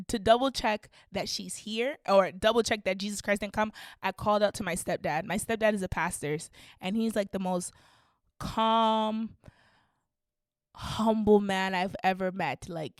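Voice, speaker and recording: A young woman co-hosting a podcast, telling a story in a casual, animated way, laughing and acting out voices as she goes. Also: mid-range voice, no echo, studio quality. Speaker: podcast co-host.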